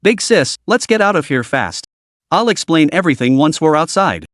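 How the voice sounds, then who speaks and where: A man's voice: a little high, big pitch swings, normal speed, a bit bright, no echo, studio quality. A man doing a scheming young man faking urgency. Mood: urgent. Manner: urgent, pleading.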